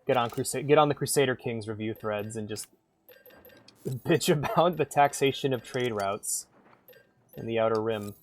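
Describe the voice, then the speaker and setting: A man's voice: mid-range voice, moderate pace, pauses often. A man streaming a game, chatting casually in a rambling, irreverent way and swearing freely. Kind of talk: casual gameplay chat.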